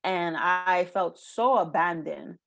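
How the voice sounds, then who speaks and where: Emotional woman guest, halting earnest storytelling, lowish voice, dry close sound. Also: gravelly, a bit bright, no echo. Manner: earnest, halting, with frequent pauses and fillers. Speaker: podcast guest. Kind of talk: personal storytelling interview.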